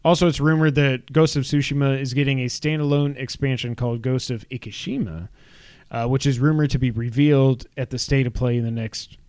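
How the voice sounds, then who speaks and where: A young man co-hosting a casual gaming podcast, running through news items with quick asides. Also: mid-range voice, steady tone, darkish tone, smooth, no echo.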